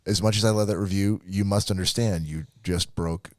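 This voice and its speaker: A man's voice: deep voice, steady tone, brisk, dry recording, clean studio sound. A man co-hosting a podcast, chatting casually with a wry, teasing manner. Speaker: podcast co-host. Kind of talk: casual chat.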